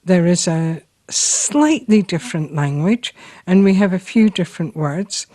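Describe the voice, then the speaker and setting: A woman with a Scottish accent hosting a local show, telling stories and reading aloud in an unhurried way with frequent ums. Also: on the low side, animated, warm tone, no echo. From Scotland. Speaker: host. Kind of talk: casual storytelling and reading aloud.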